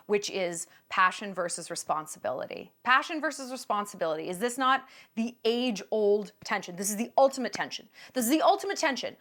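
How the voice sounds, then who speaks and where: A woman's voice: medium pitch, expressive, a little fast, hardly any pauses, fairly bright tone. A woman hosting a vlog, giving sarcastic, mocking commentary with plenty of emphasis. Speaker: vlog host.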